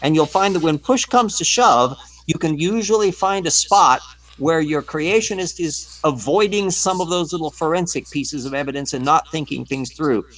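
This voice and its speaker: A man on a live stream discussion, explaining in a measured, professorial way. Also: fairly high pitch, a bit bright, rough recording. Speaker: panelist.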